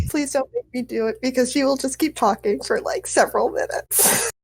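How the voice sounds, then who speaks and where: A woman's voice: high voice, husky. A woman playing a tabletop game, giggly and playful. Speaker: player.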